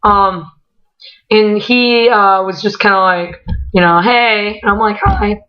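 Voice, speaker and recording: A woman vlogger telling a story casually, excitable and full of swearing as she acts out what people said. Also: medium pitch, slow pace. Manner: excitable, profanity-laden, quoting voices. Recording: dull lo-fi recording.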